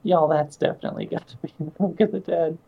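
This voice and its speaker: A woman's voice: sits low, steady tone, fast talker, husky, lo-fi sound. A woman playing in a tabletop game, chatting playfully and laughing often. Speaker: player. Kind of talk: casual tabletop chat.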